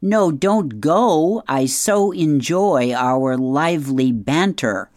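A woman's voice: low-pitched, big pitch swings, slow, dry recording, voice pushed up, heavily acted. A woman doing a hearty, sarcastic dad. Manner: hearty, then dryly sarcastic. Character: cheery sarcastic father of a sulky teen.

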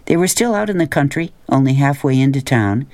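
Storybook narrator, man, mid pitch, steady plain read, dry close sound. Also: fairly quick, no echo. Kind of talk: storybook reading aloud.

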